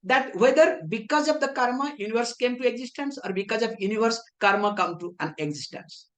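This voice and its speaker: A woman's voice: on the high side, a little fast. A woman teaching scripture, often asking rhetorical questions and answering them herself, with playful teasing asides. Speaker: spiritual teacher. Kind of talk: scripture lecture in English.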